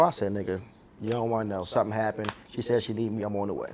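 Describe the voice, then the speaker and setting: Low-voiced male radio host. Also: fairly even intonation, very fast, a little mellow, a little hiss or hum. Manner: casual, empathetic, frequent agreeing backchannel. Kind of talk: interview conversation.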